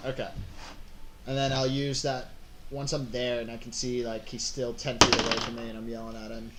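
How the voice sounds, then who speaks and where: A man's voice: medium pitch, level tone, moderate pace, very noisy. A man playing a tabletop game, rambling and saying "like" a lot. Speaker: player.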